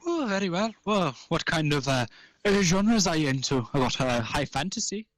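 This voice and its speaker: Tiny gnome shopkeeper, chirpy and high, a man putting him on, in a dry close room. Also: sing-song, normal speed, no room sound. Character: small gnomish male bookseller, chirpy.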